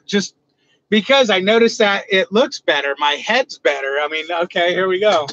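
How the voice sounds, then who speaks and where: A man's voice: sits high, expressive, moderate pace, a bit bright, no room sound, muffled recording. A man hosting a casual livestream from inside his truck, joking loosely and answering his chat. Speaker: livestream host.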